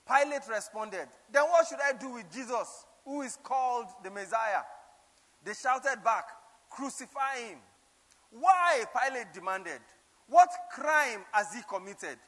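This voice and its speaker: High bright preacher man in a hall. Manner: dramatic reading, shouting quoted cries. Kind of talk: sermon with scripture reading.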